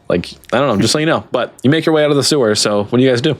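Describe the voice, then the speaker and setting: A man's voice: medium pitch, racing, no room sound. A man narrating a tabletop game as game master, loose and chatty with many fillers.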